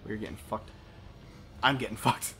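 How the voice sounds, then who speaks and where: A man's voice: lowish voice, fairly even intonation, normal speed, bright, forceful tone, slightly rough. A young man casually commentating a video game as host, swearing often and laughing and yelping at what happens on screen. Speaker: let's play host.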